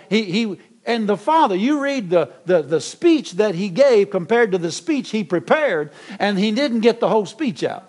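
A middle-aged man preaching a sermon as pastor, animated, with many repetitions and restarts. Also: sits high, normal speed, few pauses.

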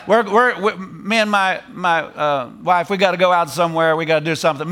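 A middle-aged man preaching a sermon, animated, repeating phrases and laughing as he drives points home. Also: sits high, brisk, few pauses.

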